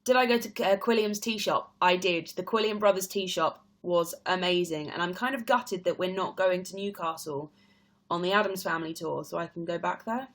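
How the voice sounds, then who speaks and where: A woman's voice: fairly low pitch, moderate pace. A young woman with an English accent, chatting casually on a live stream and reading out viewers' comments, rambling with lots of fillers. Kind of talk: casual chat.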